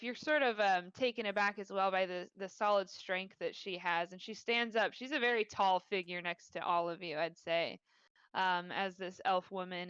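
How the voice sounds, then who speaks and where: A woman's voice: mid-range voice, a bit bright, clear, resonant tone, dry recording, dull audio. Woman running a tabletop game. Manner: loose, thinking aloud with many fillers. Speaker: dungeon master.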